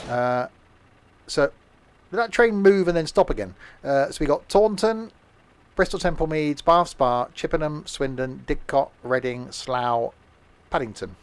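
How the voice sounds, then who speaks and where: A man's voice: a little high, a little slow, clear, resonant tone. A man streaming a train simulator live, chatting and rambling as he counts off the stops. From England. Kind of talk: live game commentary.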